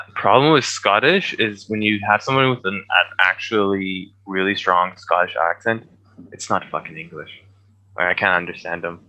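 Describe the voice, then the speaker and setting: A man co-hosting a podcast in casual chat, teasing his friend and quick to laugh. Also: sits low, bright, forceful tone, low-quality recording. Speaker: podcast co-host.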